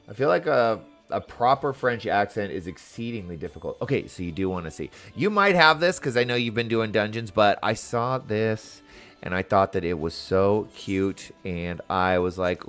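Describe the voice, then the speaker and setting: A man's voice: lowish voice, expressive, normal speed, a bit bright, faint music behind. A man chatting casually while playing a video game, reading its dialogue aloud in playful voices. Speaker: game streamer. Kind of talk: casual gameplay commentary.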